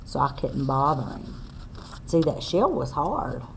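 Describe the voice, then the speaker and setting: A woman's voice: rumbling low, sing-song, creaky, background noise. A woman teacher reads a picture book aloud to young children, asking the class questions as she goes. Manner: slow, sing-song read-aloud with questions to the class.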